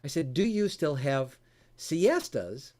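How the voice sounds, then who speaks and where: A man telling a story in conversation, animated and laughing often, his voice jumping high when excited. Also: slow pace. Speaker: coach and former radio host.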